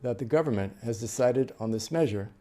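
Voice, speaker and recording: A middle-aged American man who trains interpreters lectures a class on note-taking, explaining patiently with frequent fillers and restarts. His mid-range voice is warm and a little fast.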